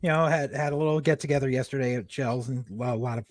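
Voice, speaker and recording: A man's voice: mid-range voice, fairly even intonation, fast, no echo. A middle-aged man co-hosting a podcast, telling long rambling stories full of profanity, slipping into voices for the people he quotes. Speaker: podcast co-host. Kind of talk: casual storytelling chat.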